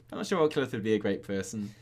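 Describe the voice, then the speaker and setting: A woman's voice: rumbling low, animated, very fast, darkish tone. A woman co-hosting a casual podcast chat, playful and joking, putting on silly voices now and then. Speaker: podcast co-host.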